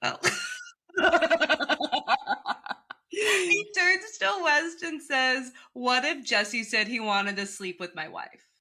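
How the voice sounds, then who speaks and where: A woman's voice: high voice, very slow, long pauses. A woman co-hosting a podcast, chatting casually and animatedly about a reality show, swearing freely. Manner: animated, quotes people in put-on voices, swears freely. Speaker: podcast co-host.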